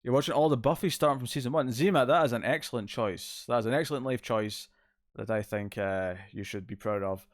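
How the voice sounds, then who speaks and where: A man hosts a relaxed livestream from his couch at home, rambling and answering chat messages in a middle-pitched voice. The sound is dry, with little room echo. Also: fairly quick. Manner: laid-back, rambling, reads chat aloud. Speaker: streamer host. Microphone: distant mic, moves out of frame.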